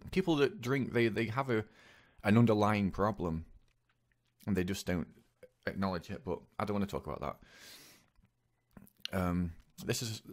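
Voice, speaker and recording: Low-voiced young man, halting. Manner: halting, hesitant, many pauses and restarts. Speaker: vlogger. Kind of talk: personal confessional monologue.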